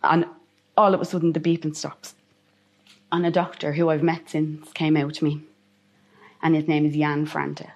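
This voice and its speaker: Irish woman telling her story to an interviewer, bit low-pitched, keeps repeating herself for effect. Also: flat delivery, normal speed, long pauses. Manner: vivid storyteller, repeats phrases for emphasis. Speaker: interview guest. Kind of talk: recounting a personal story.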